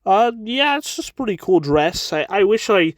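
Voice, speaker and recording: A man's voice: sits high, very animated, moderate pace, no echo. A man giving a casual chapter review with wry asides, often stammering and repeating his words.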